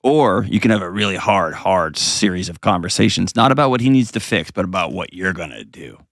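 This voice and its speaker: A man's voice: low voice, lively intonation, a little fast, fairly bright tone, no echo, clean studio sound. A man hosting a call-in advice show, talking bluntly and earnestly. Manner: blunt, earnest, acts out quotes in mocking voices.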